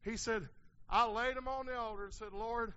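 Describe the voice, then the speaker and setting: A man's voice: extremely high pitch, steady tone, normal speed, sharp tone, clean tone, dull audio. A man preaching a sermon, mixing folksy asides with sudden hollered peaks.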